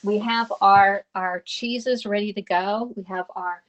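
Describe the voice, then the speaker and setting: A woman's voice: medium pitch, fairly even intonation, a little slow, dull audio, slight background noise. A woman in her fifties with a Southern US accent, chatting to viewers during a live home cooking stream and talking herself through each step. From Pennsylvania. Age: 50s. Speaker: cooking livestream host. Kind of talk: casual live cooking demo. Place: home kitchen.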